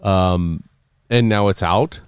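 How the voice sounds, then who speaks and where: A man's voice: low-pitched, slow pace, clean tone, no echo, clean studio sound. A man hosting a casual podcast, rambling and joking with many fillers. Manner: rambling, filler-heavy, jokey. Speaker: podcast host and sound engineer.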